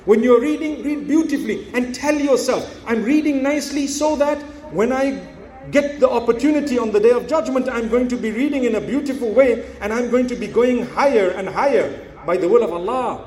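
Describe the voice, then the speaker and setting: High-voiced preacher in an echoey hall. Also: male voice, brisk, a little mellow. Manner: earnest, encouraging, rhetorical questions, breaks into melodic recitation. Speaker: Islamic preacher. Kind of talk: sermon to a live audience.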